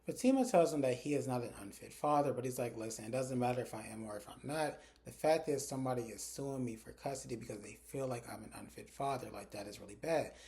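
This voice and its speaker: A TV recap reviewer walks his viewers through an episode scene by scene, chatty and relaxed, dropping into the characters' lines along the way. His middle-pitched voice is warm and mellow, and he talks fast with hardly any pauses.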